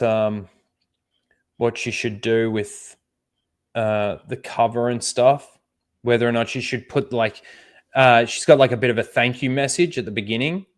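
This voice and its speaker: A man hosting his own channel, chatting casually and reacting to trailers, rambling with fillers and the odd swear word. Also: fairly low pitch. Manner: rambling, swears freely, many fillers and asides. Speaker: channel host. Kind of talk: casual reaction commentary on a livestream.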